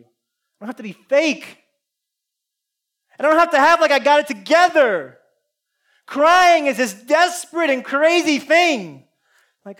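A man preaching a sermon, earnest and confessional, swinging between loud appeals and hushed asides. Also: very high voice, expressive, unhurried, pauses often. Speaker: pastor.

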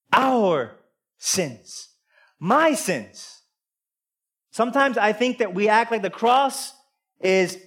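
A man delivers a sermon with raw intensity. He drops into quiet, almost confiding asides, then surges into emotional shouts, talking to his listeners as "guys" and "y'all.". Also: high-pitched. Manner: intense, emotional preaching with sudden loud outbursts. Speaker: preacher.

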